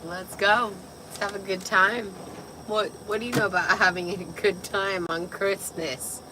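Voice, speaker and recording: A young woman with a raspy voice, tipsy and chatting casually on a livestream, loose, giggly and swearing. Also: medium pitch, steady tone, a little slow, very noisy. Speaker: vlogger.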